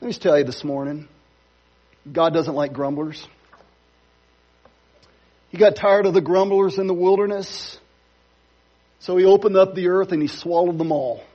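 A man's voice: high voice, moderate pace, pauses often, mellow, dull audio. A man pastor preaching a sermon in a church, conversational with playful asides. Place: church sanctuary.

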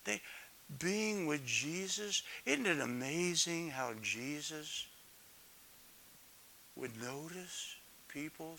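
High, bright-voiced dramatic preacher man. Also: animated, slow, creaky, long pauses, slight background noise. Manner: dramatic, swings from loud calls to hushed near-whispers; asks the congregation questions. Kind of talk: sermon.

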